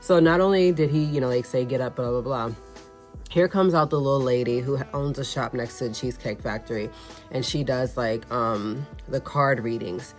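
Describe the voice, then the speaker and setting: A woman's voice: a bass voice, moderate pace, soft background music. A young adult woman vlogger, chatting to viewers in a casual voice-over and telling a funny story.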